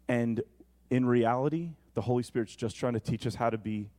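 A man preaching a sermon, animated and conversational, often asking the congregation questions. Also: mid-range voice, moderate pace.

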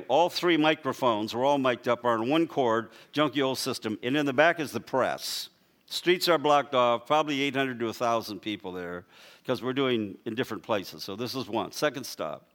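A man preaching as an evangelist, telling a story with lively emphasis and acting out the people he quotes. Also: fairly high pitch. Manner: animated storyteller, acts out quoted people, rising emphatic lines. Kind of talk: sermon storytelling.

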